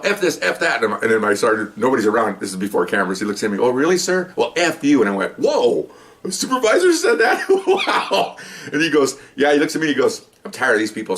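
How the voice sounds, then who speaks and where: A man's voice: mid-range voice, a bit bright. An older man, a retired police officer, telling a story in a rambling, folksy way, with many asides and "okay?" tags. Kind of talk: casual storytelling.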